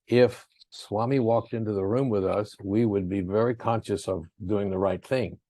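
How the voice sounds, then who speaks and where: A man's voice: lowish voice, steady tone, moderate pace, mellow, dry recording. A man giving an earnest, rambling spiritual talk, who acts out quotes in raised voices. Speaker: speaker in a spiritual talk series.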